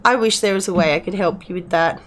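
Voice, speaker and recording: A woman's voice: lowish voice, fast, a bit bright. Chatty woman streamer. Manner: chatty, rambling with many restarts. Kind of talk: casual chat with live chat viewers.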